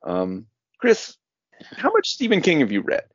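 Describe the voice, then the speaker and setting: A man's voice: on the high side, huge pitch swings, unhurried, breathy edge, no room sound. A man co-hosting a podcast in casual chat, rambling and hedging with a wry edge, recorded dull and dry. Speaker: podcast co-host.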